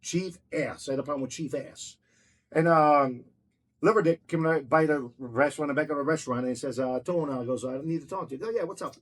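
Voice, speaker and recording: A man with a fairly high, brisk voice tells stories about his own run-ins during a casual chat. He's blunt and heated, swearing all the way through.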